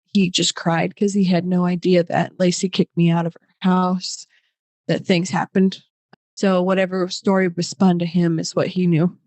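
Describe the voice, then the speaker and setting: A woman's voice: lowish voice, flat delivery, moderate pace, a little mellow, dry recording. A young woman telling a personal story as a podcast guest, casual and emotional, with lots of fillers.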